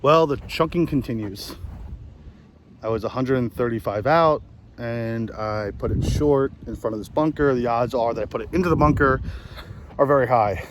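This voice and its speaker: A man's voice: mid-range voice, moderate pace, a little hiss or hum. A man in his late twenties with a New Jersey accent, telling rambling, self-deprecating stories while out playing golf. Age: 20s. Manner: rambling, self-deprecating, many fillers and restarts. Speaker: vlogger. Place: outdoors on a golf course.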